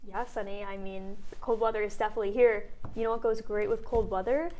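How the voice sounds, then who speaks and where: A woman's voice: mid-range voice, steady tone, a little fast, a little mellow, lo-fi sound. A young woman anchoring a student newscast, chatting in an upbeat way with her co-hosts. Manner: chatty, upbeat, laughs between lines. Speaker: news anchor.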